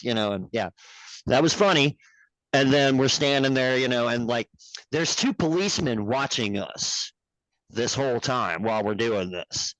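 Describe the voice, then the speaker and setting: A man's voice: mid-range voice, expressive, moderate pace, fairly bright tone, dry recording, rough recording. A man who produces a puppet show, telling stories as a podcast guest in a rambling, profane, laughing way. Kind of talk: casual storytelling chat.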